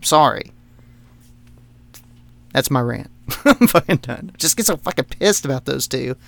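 A man's voice: medium pitch, big pitch swings, unhurried, creaky, a bit bright, no room sound. A man co-hosting a podcast, ranting heatedly about politics, swearing constantly and laughing between points. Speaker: podcast co-host. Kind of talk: profane political rant.

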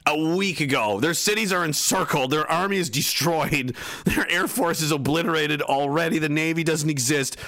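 A man's voice: fairly high pitch, normal speed, a bit bright, no echo. A man hosting a livestream, reading viewer comments with mocking, profane sarcasm. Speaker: political livestream host.

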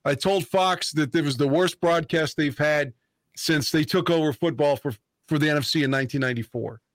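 Male podcast host, fairly high-pitched, recorded dry and close, ranting with indignant bluntness and heavy swearing. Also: a little fast, dry recording. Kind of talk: casual podcast chat.

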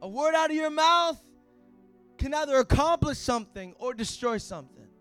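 High-voiced preacher, quiet to shouting. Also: male voice, expressive, normal speed, soft background music. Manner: swings from quiet asides to shouted declarations. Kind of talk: sermon.

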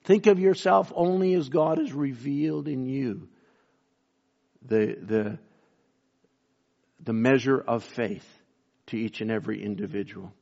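A man preaching a sermon, swinging from fervent, raised emphasis down to low, slow and quiet passages. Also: vocal fry, highs cut off.

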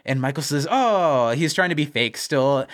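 A man's voice: mid-range voice, normal speed, fairly bright tone. A man co-hosting a podcast, recapping a TV episode in casual chat, laughing often and acting out quoted lines.

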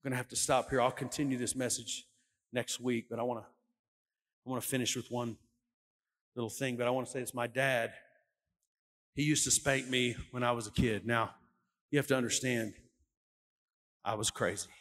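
Preaching with animated storytelling, this middle-aged male lead pastor acts out quotes in a loud voice. He speaks at medium pitch and normal speed, pausing often. The sound carries a long hall reverb over faint music.

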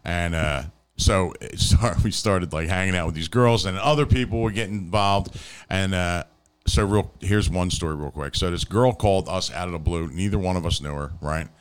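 A man's voice: low-pitched, normal speed, smooth. A man hosting a podcast, telling a rambling story with fillers and frequent laughs. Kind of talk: casual chat.

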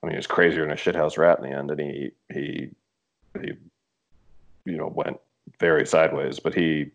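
Canadian man, very low voice, animated storyteller, swears freely, casual podcast guest. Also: normal speed, gravelly. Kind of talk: casual chat.

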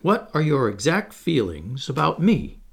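A man's voice: fairly high pitch, wildly swooping pitch, unhurried, gravelly, a bit bright, slightly rough, full character voice. A man reading aloud and voicing a prim, motherly young girl who talks earnestly and sometimes scornfully.

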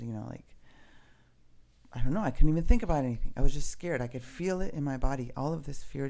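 A man speaking in a soft, earnest, spiritual way in a reflective personal monologue, casually swearing now and then. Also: mid-range voice, creaky.

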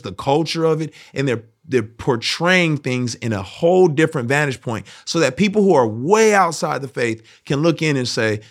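A young adult man hosting a casual commentary monologue, telling stories animatedly and acting out the voices of people in them. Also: mid-range voice. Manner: animated storytelling, acts out voices of people in anecdotes. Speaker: host.

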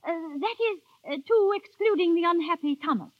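A woman's voice: very high voice, a little fast, no room sound. A young woman voicing a schoolmistress who poses as a coquettish niece, speaking theatrically with frequent sighs and exclamations in an old radio drama. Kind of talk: 1930s radio drama acting. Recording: tinny lo-fi old radio broadcast with faint music.

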